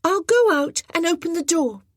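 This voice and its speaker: A woman voicing a small, stubborn young boy who turns remorseful, with a high, eager and insistent manner in an audiobook. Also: expressive, normal speed, no room sound, studio quality. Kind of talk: audiobook character voice.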